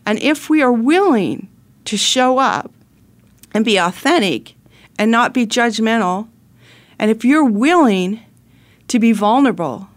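A middle-aged woman host telling a personal story in an earnest, heartfelt way, often restarting her sentences. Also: on the high side.

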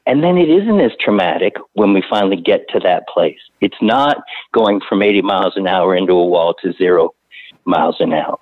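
Man, hospice doctor, low-pitched, patient explainer, restarts phrases, tinny phone-call sound. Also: normal speed, dry recording. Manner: calm, explanatory, repeats words while thinking. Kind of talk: casual interview conversation. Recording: tinny phone-line audio.

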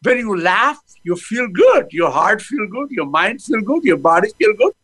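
A man's voice: high-pitched, very animated, moderate pace, fairly bright tone, breathy edge, poor audio. A man, a laughter yoga guest who talks with energy and breaks into laughing chants over a phone video call.

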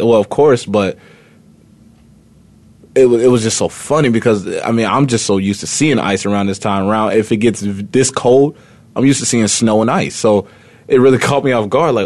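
Low-voiced rambling sports radio host. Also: male voice, moderate pace, darkish tone, dry recording. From Indiana. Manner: rambling, many fillers and restarts. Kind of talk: casual radio talk.

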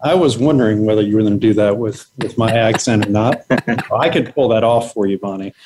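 A man's voice: lowish voice, brisk, background noise. A man speaking as a guest on a podcast over a video call, laid-back and rambling with hesitations. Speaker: guest, cloud consultant. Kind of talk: casual interview talk.

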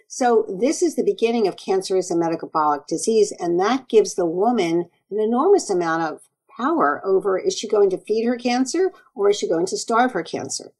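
Animated woman doctor telling stories. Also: medium pitch, brisk, poor audio. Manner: earnest, animated storytelling with quoted asides. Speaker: naturopathic doctor, guest. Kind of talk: conversational interview.

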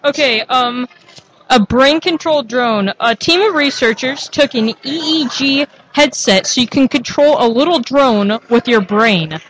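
A woman's voice: sits high, unhurried, a bit bright, poor audio. A young woman co-hosting a casual tech chat, upbeat and giggly as she presents a gadget segment.

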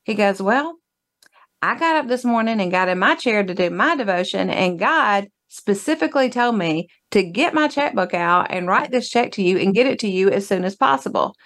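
A woman, the guest in an interview, telling a story in an animated way and acting out the dialogue. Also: mid-range voice, fairly quick, few pauses. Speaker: guest, ministry founder.

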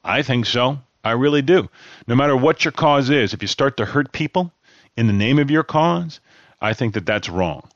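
A man's voice: medium pitch, animated, moderate pace, no echo. A male radio host, talking casually in a rambling, chatty way with many restarts. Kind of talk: casual talk radio monologue. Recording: dull, lo-fi dry studio mic.

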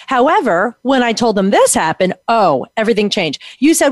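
A woman co-hosting a show, giving direct and animated feedback on a guest's interview, often acting out quotes. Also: mid-range voice, fairly quick, few pauses, dry recording, clean studio sound. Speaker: co-host giving media coaching feedback. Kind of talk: conversational critique.

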